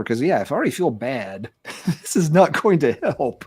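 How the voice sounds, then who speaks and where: A man's voice: mid-range voice, sing-song, moderate pace, a little mellow, husky. A man co-hosting a music podcast, chatting casually and rambling with many fillers and restarts. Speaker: podcast co-host. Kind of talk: casual music review chat.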